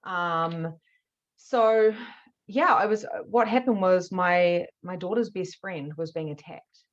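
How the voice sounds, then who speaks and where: A woman, a spiritual mediumship teacher telling a candid story to camera, animated and swearing freely. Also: fairly low pitch, takes it slowly, highs cut off. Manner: animated, swears freely, acts out her own past reactions.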